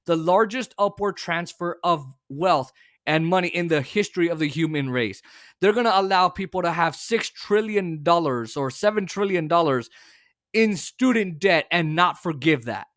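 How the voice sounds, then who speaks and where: A man's voice: on the high side, animated, normal speed, fairly bright tone, no echo, studio quality. A man hosting a talk show, ranting about politics in a heated, profane way with stumbling restarts. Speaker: host. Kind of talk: political rant.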